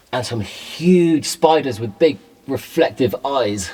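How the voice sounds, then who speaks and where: A man giving chatty, excitable commentary to camera as he explores woodland outdoors. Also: medium pitch, takes it slowly, few pauses, slight background noise. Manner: chatty, excitable, talks to himself while exploring. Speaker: bushcraft vlogger.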